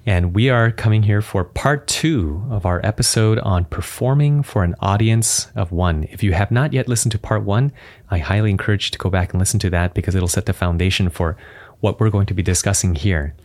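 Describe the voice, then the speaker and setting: Low-voiced man telling a family story. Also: brisk. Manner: warm anecdotal, chuckling, playful voices for his kids. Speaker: podcast co-host. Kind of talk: casual podcast storytelling.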